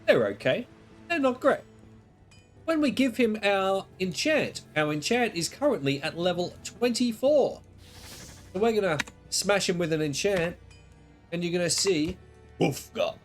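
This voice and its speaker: A man talking through his gameplay in a loose, chatty way, with a lively, bouncing pitch. His voice sounds stuffy from the flu. He pokes fun at himself and pauses often. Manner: chatty, self-deprecating, lots of pauses. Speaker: gaming video creator. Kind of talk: casual gameplay commentary.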